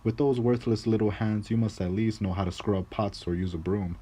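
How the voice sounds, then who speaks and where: A man's voice: fairly low pitch, steady tone, moderate pace, warm tone, breathy edge. A man voicing a cruel, contemptuous male landowner who mocks and barks orders at his servant. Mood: scornful, commanding. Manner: mocking, commanding.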